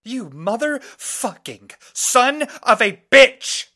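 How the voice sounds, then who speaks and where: A man reading a story aloud voices a jilted woman, raising his voice high for her sharp, shrill outbursts. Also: animated, measured pace, no echo, clean studio sound, exaggerated voice. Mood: furious.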